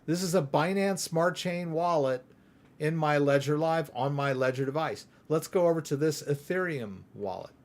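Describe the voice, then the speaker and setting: A man from the United States runs a casual live crypto Q&A. He rambles through a screen demo and keeps asking "right?". His voice sits a little high for a man. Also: normal speed. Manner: chatty, rambling, asks "right?" often. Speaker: crypto livestream host.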